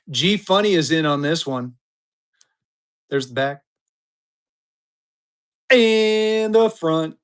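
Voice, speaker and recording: Chatty live-stream auction seller, man in his fifties, high-pitched, hypes every bid. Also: fairly bright tone. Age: 50s. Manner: chatty, upbeat, hypes the bids.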